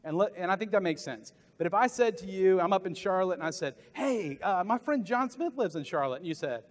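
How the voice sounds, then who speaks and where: A middle-aged man from the American South giving a motivational sales talk at a conference, animated and jokey, acting out voices for the people he quotes. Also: high voice, brisk. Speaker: keynote sales speaker. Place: large conference hall. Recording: long hall reverb.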